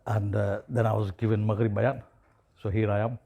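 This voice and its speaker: A man's voice: on the low side, flat delivery, normal speed, creaky, dark tone. Man preaching an evening sermon. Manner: storytelling, rising to emphatic preaching.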